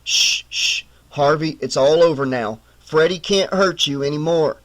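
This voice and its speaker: A man voicing a calm, gentle male doctor who hushes and soothes a frightened child in an audiobook. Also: fairly high pitch, normal speed, voice pushed down, lightly acted. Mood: soothing.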